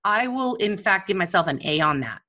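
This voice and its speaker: A woman coach speaking in a candid, animated, self-mocking personal monologue about her own feelings. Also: medium pitch, a little fast.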